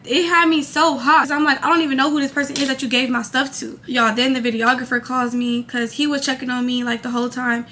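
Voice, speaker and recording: A young woman vlogger telling a casual storytime, animated and quoting others as she goes. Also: high-pitched, a little fast, hardly any pauses. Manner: animated storytelling, quoting people in her own voice.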